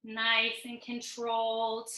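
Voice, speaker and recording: A woman's voice: on the high side, completely flat delivery, takes it slowly, sharp tone. A woman fitness instructor leading a live online workout class, counting down intervals and cueing form with joking asides, a little out of breath. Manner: upbeat coaching, counting down reps, joking asides. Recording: roomy echo.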